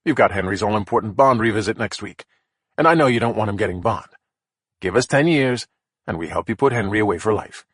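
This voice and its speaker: A man voicing a cool, deadpan male defense lawyer in an audiobook, husky and dry. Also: lowish voice, a little fast, no room sound. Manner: unflappable, bargaining. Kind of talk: audiobook character voice.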